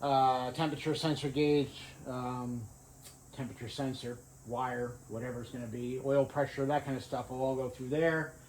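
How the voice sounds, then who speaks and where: A man's voice: mid-range voice, fairly even intonation, moderate pace, a little mellow, a little hiss or hum, poor audio. Offhand man talking through garage work. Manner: offhand, thinking aloud with fillers. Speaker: garage vlogger. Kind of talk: casual workshop narration. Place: home garage workshop.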